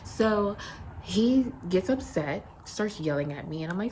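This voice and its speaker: A young adult woman, a flight attendant, telling a story in a casual vlog, blunt and animated, acting out both sides. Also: on the low side, unhurried, slight background noise, rough recording.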